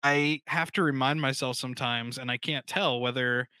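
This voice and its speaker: Man, podcast co-host, bright tense voice, dry close sound, halting chummy talk. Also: medium pitch, steady tone, smooth, dry recording. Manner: halting, filler-heavy, chummy. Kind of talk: casual comedic chat.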